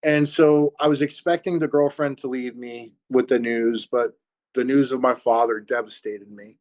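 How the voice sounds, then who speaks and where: Man sharing his recovery testimony: mid-range pitch, earnest, halting delivery with pauses. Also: steady tone, a little mellow. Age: adult with children. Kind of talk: personal testimony.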